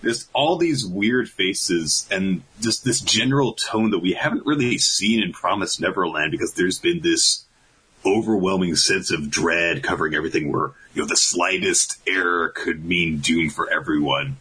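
Deep bright-toned man recapping a story. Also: moderate pace, slightly rough, rough recording. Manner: animated retelling, acts out characters. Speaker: podcast co-host. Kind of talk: casual chapter recap.

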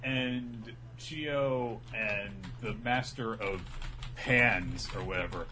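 A man's voice: fairly low pitch, a little slow, a little hiss or hum. A man co-hosting a podcast, casually recapping an episode and acting out the characters as he goes. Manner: animated storytelling, acting out characters. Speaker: podcast co-host.

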